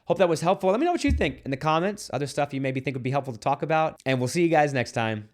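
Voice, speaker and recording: A man's voice: a little high, animated, racing. A man who is a Catholic priest, giving an earnest, conversational video homily to camera with playful asides. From United States.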